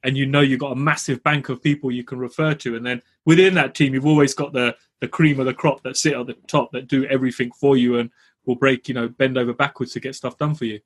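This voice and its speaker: A man's voice: medium pitch, steady tone, quick pace, husky. A man co-hosting a podcast, telling stories in a chatty, laughing way. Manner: chatty, storytelling, laughs while talking. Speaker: podcast co-host. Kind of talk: casual podcast chat.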